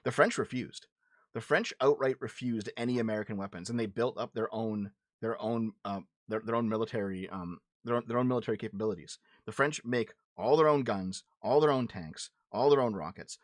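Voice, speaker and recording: A man's voice: lowish voice, a little fast, dry recording. A man hosting a livestream, arguing politics with his chat in a blunt, profane way and often restarting his words. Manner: repeats and restarts words when heated. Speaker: livestream show host. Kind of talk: casual political commentary answering chat.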